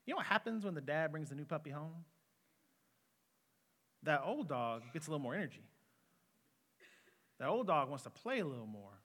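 Young male pastor, bright voice. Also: on the high side, sing-song, moderate pace, long pauses. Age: 20s. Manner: earnest, conversational preaching. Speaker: student pastor. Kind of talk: sermon. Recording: long reverb of a hall.

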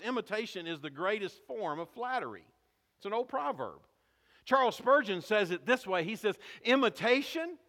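In a large hall, a man with a high, sharp-toned voice preaches a sermon as pastor. He asks the congregation questions and calls for their responses.

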